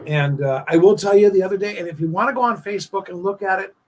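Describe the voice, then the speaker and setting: A man hosting a casual live-stream chat show, rambling and emotional with many halting restarts. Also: high-pitched, noisy background. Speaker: host of a live online talk show.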